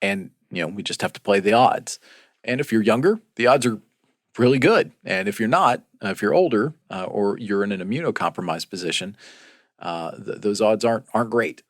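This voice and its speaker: Measured low-voiced male podcast co-host. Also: lively intonation, dry recording, studio quality. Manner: measured, explanatory, frequent "uh" fillers. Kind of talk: casual news discussion.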